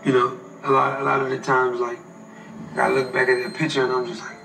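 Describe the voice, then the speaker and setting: A man's voice: mid-range voice, monotone, a little fast, gravelly, roomy sound, distant mic, over music, poor audio. A man giving a documentary interview, telling a story in casual slangy speech.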